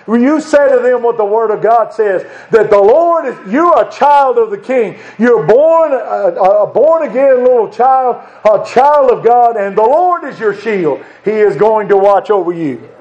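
A man's voice: extremely high pitch, lively intonation, a little slow, hardly any pauses, a little mellow, highs cut off. A man preaching a sermon in an earnest, conversational way, repeating short phrases for emphasis.

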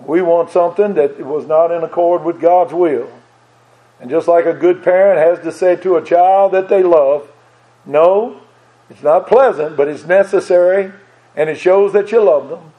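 Heard on a dull lo-fi recording, a man with a voice on the high side speaks at normal speed. He preaches earnestly, repeats phrases, and questions his listeners directly.

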